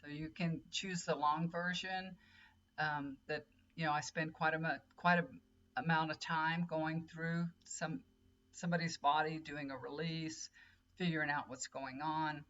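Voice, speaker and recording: A woman's voice: low voice, flat delivery, measured pace, fairly bright tone. A middle-aged woman, a tarot reader and healer rambling in casual chat straight to her viewers. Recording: dull lo-fi audio with faint hum.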